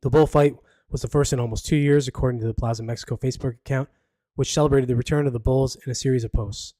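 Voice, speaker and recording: A man's voice: mid-range voice, fairly even intonation, quick pace, warm tone, no room sound. Sarcastic man with a dry close sound. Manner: sarcastic, rambling, reads news aloud with asides. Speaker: podcast host. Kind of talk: casual live podcast commentary.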